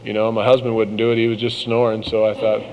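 A man's voice: fairly low pitch, completely flat delivery, fast, a little mellow, dull audio, a little hiss or hum, natural voice. A man playing a fretful wife who can't sleep. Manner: fretful, mock-complaining. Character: worried wife lying awake at night.

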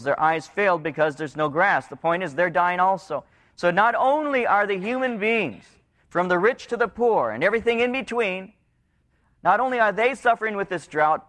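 A middle-aged man with a high voice delivers a sermon in a church. He climbs into pleading stretches and then sinks into low, hushed lines. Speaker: pastor.

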